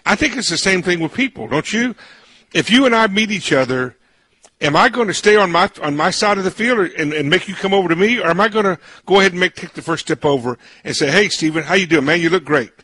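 A man hosting a radio interview, talking in a folksy, roundabout way and repeating words as he goes. His voice is bright and pitched a little high, with a husky edge. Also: animated, quick pace, dry recording. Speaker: radio host.

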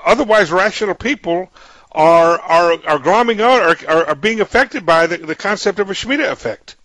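A man's voice: high voice, lively intonation, moderate pace, a bit bright, no room sound. A man hosting a radio talk show, chatting folksily with a guest and often restarting his sentences.

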